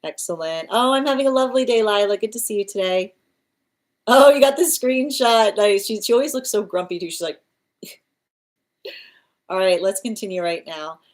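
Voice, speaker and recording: A woman's voice: mid-range voice, moderate pace, long pauses. Chatty woman tarot reader on a live stream. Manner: chatty, laughs often, coos at her cat.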